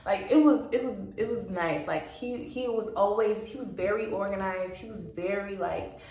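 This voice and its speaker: Telling a dating storytime, a young woman chats casually, laughs a lot and performs the lines people said. Her medium-pitched voice has a darkish tone and moderate pace, captured by a distant mic with a roomy sound.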